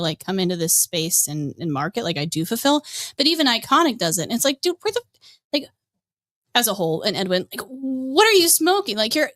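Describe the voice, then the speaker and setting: A female podcast host with a slightly high, somewhat bright voice rants bluntly and casually, peppering her talk with profanity and sarcasm.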